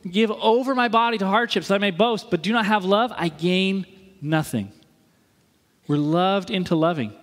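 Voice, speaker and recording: A man in his thirties preaching a sermon as a pastor, telling stories in a relaxed, conversational way with playful asides. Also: high voice. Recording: long reverb of a big hall.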